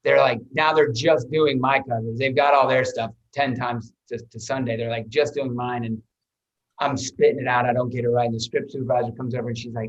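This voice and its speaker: A male actor on a podcast spins stories from the set in a lively, unguarded manner, dropping curses and tripping over his own restarts. His voice sits at an ordinary middle pitch. The sound is a little dull and lo-fi. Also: a little fast. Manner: lively storyteller, swears freely, repeats words while restarting. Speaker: actor guest. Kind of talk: animated anecdote telling.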